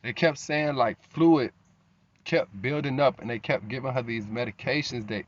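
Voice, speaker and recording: A man's voice: mid-range voice, moderate pace, heavy background noise. A man telling an emotional personal story in a rambling way, with frequent restarts and slang. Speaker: vlogger. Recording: slightly dull lo-fi recording.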